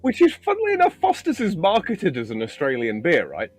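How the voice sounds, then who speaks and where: A man's voice: fairly high pitch, wildly swooping pitch, fairly quick, very noisy. A man chatting casually as a guest, swearing freely in mock-outraged banter. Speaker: co-host guest. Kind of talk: casual chat.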